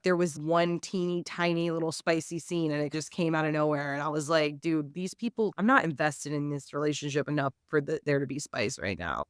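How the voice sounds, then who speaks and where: A woman's voice: fairly low pitch, clean tone, dry recording, clean studio sound. A young woman co-hosting a podcast, chatting casually about a book and acting out scenes in mocking voices. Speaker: podcast co-host. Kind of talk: casual book review chat.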